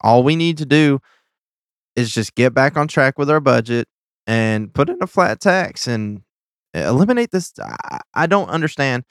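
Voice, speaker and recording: A man's voice: medium pitch, sing-song, normal speed, dry recording, clean studio sound. A man co-hosting a casual political podcast, frustrated and worked up, swearing as he vents. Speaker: podcast co-host. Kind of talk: heated casual political chat.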